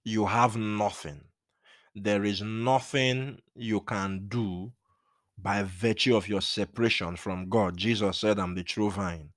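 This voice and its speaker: Earnest low-voiced male Bible teacher. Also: fairly even intonation, slow pace, a bit bright, no room sound, studio quality. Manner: earnest, emphatic, repeats key points. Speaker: preacher.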